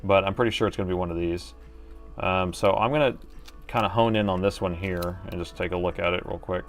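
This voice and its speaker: A middle-aged man with a fairly low voice hosts a live repair stream. He talks casually while he works, thinks out loud and trades jokes with the chat. Soft music plays faintly behind him. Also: steady tone, a little fast. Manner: chatty, thinking aloud, joking with chat. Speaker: host and laptop repair technician.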